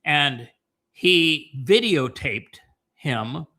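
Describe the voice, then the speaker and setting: A man hosting a podcast, talking through casual commentary in a meandering way, with many fillers and restarts and a slower pace on the points he stresses. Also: fairly high pitch, expressive, sharp tone. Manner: emphatic, slows down on key points. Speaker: podcast host.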